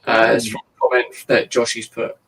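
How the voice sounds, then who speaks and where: A man's voice: mid-range voice, little pitch movement, moderate pace, fairly bright tone, slightly rough, rough recording. A man from the UK co-hosting a casual live chat, teasing and reading out viewer comments.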